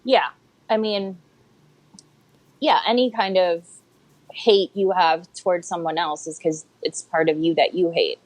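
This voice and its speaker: A woman's voice: fairly low pitch, steady tone, measured pace, long pauses, dry recording, poor audio. A young woman co-hosting a podcast, talking in a musing, loose way full of "like" and "I mean.". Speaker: podcast co-host. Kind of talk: casual chat.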